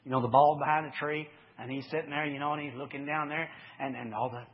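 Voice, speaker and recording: A man preaching a folksy sermon, swinging from loud to hushed as he tells sports stories. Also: fairly high pitch, steady tone, quick pace, breathy edge. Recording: dull lo-fi recording.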